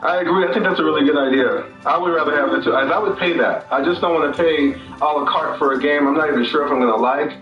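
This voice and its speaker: A man's voice: a little high, fast talker, few pauses, echoey room, highs cut off, over music. A man calling in to a gaming show, talkative, friendly and polite in casual chat. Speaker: caller.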